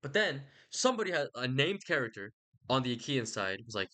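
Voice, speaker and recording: A man's voice: medium pitch, sing-song, fairly quick, pushed and bright. A young man rambling casually about a book he read, slangy and profane. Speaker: host.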